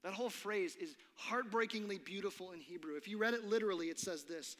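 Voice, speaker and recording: A man preaching a sermon, dramatic and earnest, dropping his voice low for effect. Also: fast talker, hardly any pauses, fairly bright tone. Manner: dramatic, drops to a whisper for effect. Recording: long reverb of a large hall.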